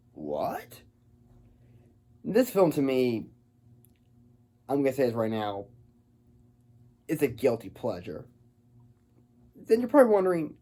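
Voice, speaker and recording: Guy doing a casual movie review, rambly, trips over his words a lot, warm dark voice. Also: medium pitch. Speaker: film reviewer.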